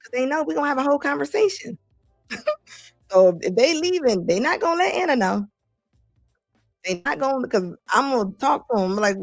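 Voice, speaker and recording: A woman's voice: medium pitch, expressive, a little fast, creaky, dry recording, studio quality, faint music behind. A woman host doing casual livestream commentary, chatty and slangy, laughing as she gives her opinions.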